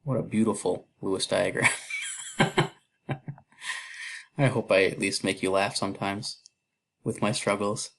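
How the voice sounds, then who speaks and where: A man's voice: lowish voice, fairly even intonation, unhurried, creaky, long pauses, fairly bright tone, slight background noise. A man teaching a recorded chemistry lesson in a casual, chatty way, with fillers and self-deprecating asides as he works through problems. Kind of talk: recorded lecture walkthrough.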